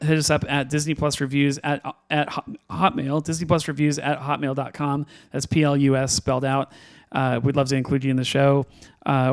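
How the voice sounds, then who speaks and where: A man hosting a podcast in a casual, rambling way, with many fillers and restarts. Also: a little high. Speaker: podcast host.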